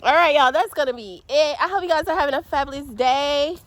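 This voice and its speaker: A woman's voice: sits high, fairly quick, no room sound. A woman vlogging outdoors in the snow on a handheld phone, chatty and laughing, cold and a bit out of breath. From Georgia, US. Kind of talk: casual vlog outdoors in snow. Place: outdoors in snow, parking lot. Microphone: handheld phone camera.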